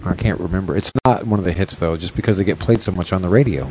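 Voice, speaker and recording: A man's voice: low voice, quick pace, dark tone, a little hiss or hum. A man in a loose, swearing chat among friends, laughing often and rambling through stories. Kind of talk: casual stoned banter.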